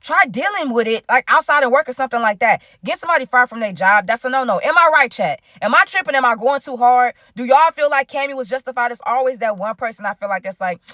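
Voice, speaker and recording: Fast-talking animated woman storyteller. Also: a little high, no echo, studio quality. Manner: animated, talks straight to viewers. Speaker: storytime vlogger. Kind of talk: casual storytime to viewers.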